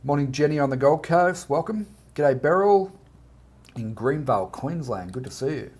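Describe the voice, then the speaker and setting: A man's voice: fairly high pitch, normal speed, husky. Australian man greeting livestream viewers. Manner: warm, relaxed, reads out viewer comments and greets each by name. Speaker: art teacher hosting a live Q&A.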